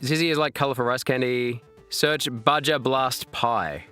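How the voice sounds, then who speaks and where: A man's voice: medium pitch, measured pace, clean tone, faint music behind. A man in his thirties chatting casually on a live stream, laughing and exclaiming at chat while fighting hiccups. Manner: animated, laughing, reacting to chat with loud exclamations.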